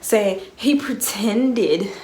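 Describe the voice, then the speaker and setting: Animated young woman telling a story. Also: medium pitch, extremely slow, echoey room, a little hiss or hum. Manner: animated, slangy, keeps checking in with the listener. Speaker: vlogger. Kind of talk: casual storytime monologue.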